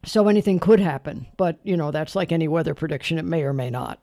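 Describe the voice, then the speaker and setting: A man's voice: on the high side, expressive, fast, creaky, mellow, no echo. A man hosting a late-night radio call-in show, chatting easily with callers and dropping dry quips. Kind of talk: casual call-in chat.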